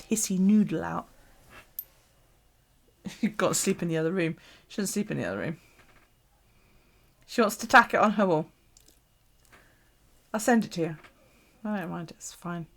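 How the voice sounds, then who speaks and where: A woman with a lowish, fairly bright voice runs a late-night bullet-journal livestream, chatting loosely, cursing without restraint, and laughing often as she wanders from topic to topic.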